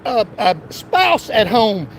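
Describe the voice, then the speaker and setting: A man's voice: sits high, big pitch swings, takes it slowly, creaky, a little hiss or hum. A man, a taxi driver arguing with police outdoors by a busy road, lecturing and insistent. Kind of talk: heated street argument.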